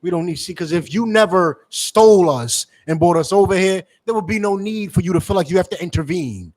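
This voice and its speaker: A man preaches with heat and scorn, in a voice pitched a touch high. He mocks his targets and calls for scripture readings like a street-corner teacher. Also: fairly quick, a little mellow. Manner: heated, mocking, profane, calls for scripture readings. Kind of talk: fiery street-style preaching.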